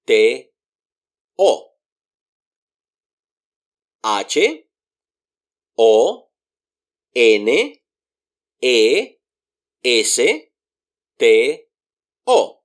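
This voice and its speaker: Very slow, deliberate male language teacher. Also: medium pitch. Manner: spells words out letter by letter, slow and deliberate; explains pronunciation patiently with repeated examples. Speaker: Spanish teacher. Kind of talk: beginner language lesson.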